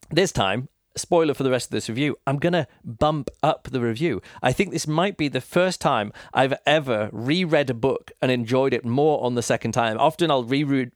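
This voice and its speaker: A man's voice: medium pitch, no echo, studio quality. A man hosting a podcast, giving a casual spoken book review and thinking aloud with lots of fillers. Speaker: podcast host reviewing books.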